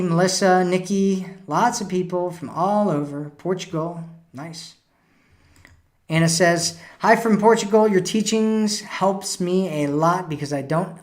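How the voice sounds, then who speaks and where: A dating coach runs a live stream, his voice sitting high as he offers laid-back advice. He reads viewer comments aloud and frequently ends lines with "right?" or "you know."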